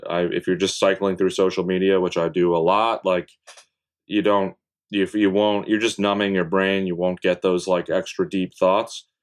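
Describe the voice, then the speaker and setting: A young man with a low voice talks as a podcast guest. He is laid-back and rambling, leans on fillers and drops casual swears along the way. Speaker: podcast guest, content creator. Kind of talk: casual interview chat.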